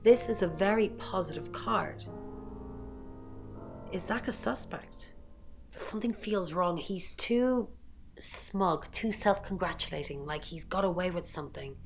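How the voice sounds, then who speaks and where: An actress playing a calm female tarot reader in a video game, speaking in a measured way with dry wit, over game music. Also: on the low side, gravelly. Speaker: game character.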